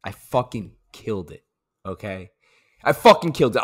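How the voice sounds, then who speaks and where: A man talks through his race in a casual podcast recap, his pitch swinging up and down with lots of energy. He gets pumped up, repeats lines for emphasis and drops swear words. He sounds like an athlete reliving a hard-won result. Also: sing-song, moderate pace, a bit bright.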